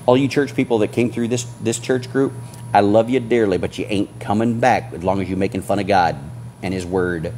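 Pastor, male, low register, impassioned sermon delivery over light background noise. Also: steady tone, a little fast, darkish tone. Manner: preaching with rising fervor, exhorting.

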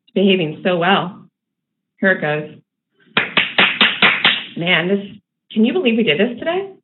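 A woman hosting a live day trading stream, talking excitedly to herself and her viewers with frequent laughter. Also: medium pitch, a little slow. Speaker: day trading show host. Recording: tinny phone-like audio with faint noise.

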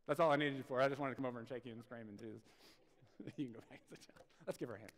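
A man preaches a lively, conversational sermon. His voice sits at an ordinary pitch, and he swings between sudden loud bursts and hushed asides. The sound carries a long reverb tail from a church sanctuary. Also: very fast, slight background noise. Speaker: pastor.

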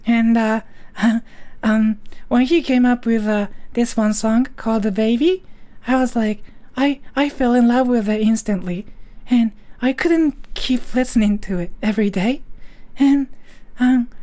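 A man's voice: very high-pitched, a little slow, warm tone, pitched above the performer's own voice. A man voicing a goofy, giggling troll who rambles in a scatterbrained way.

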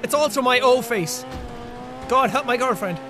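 A young man giving loud, excitable gameplay commentary with frequent shouting outbursts. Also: very high-pitched, normal speed, noisy background. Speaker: gaming video host. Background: game music.

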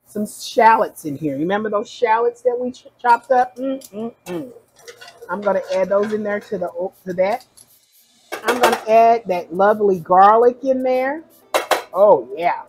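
In a home kitchen, a woman cooks at the stove and chats casually, narrating each step for her viewers. Her voice is medium-pitched, and the recording is rough.

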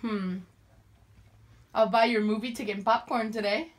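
A woman's voice: fairly high pitch, steady tone, normal speed. A young woman hosting a casual vlog, chatty and giggly, with many fillers. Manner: giggly, chatty, full of likes. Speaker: vlog host. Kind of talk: casual chat.

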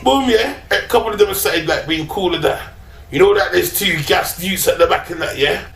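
A man with an English accent and London street slang, telling a comic story loudly, often shouting and laughing. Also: sits high, moderate pace, creaky. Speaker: podcast guest telling a story. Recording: echoey room with crowd noise.

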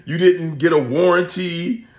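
Man, vlog host, laughing, animated storytelling, echoey indoor room. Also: a little high, a little slow. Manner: laughs often, animated, acts out quoted voices. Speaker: channel host and coach. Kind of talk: casual comedic vlog rant.

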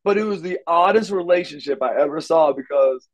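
A man's voice: on the high side, brisk, lo-fi sound. A middle-aged man, an interview guest, telling stories casually and animatedly, acting out the dialogue with frequent restarts. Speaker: interview guest, former wrestler.

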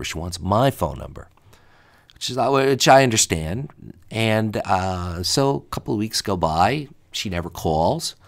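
A man's voice: on the low side, animated, slow. A man telling a comedic story about bad dates, exasperated and acting out the dialogue.

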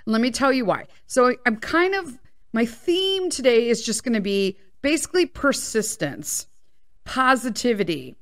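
A woman's voice: fairly high pitch, animated, normal speed, a bit bright. A woman in her fifties hosting her own podcast, talking casually and candidly and swearing freely, recorded at a microphone in a small home studio. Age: 50s. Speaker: podcast host. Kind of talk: casual solo podcast chat.

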